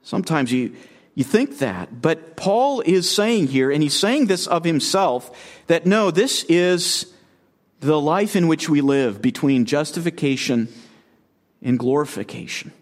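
A man's voice: on the high side, lively intonation, a little slow. A man preaching an expository sermon as a guest speaker, earnest and emphatic, often repeating phrases and asking the listeners questions.

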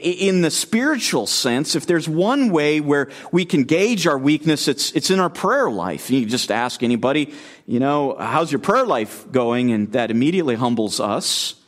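A man preaching an expository sermon as a guest speaker, earnest and emphatic, often repeating phrases and asking the listeners questions. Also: fairly high pitch.

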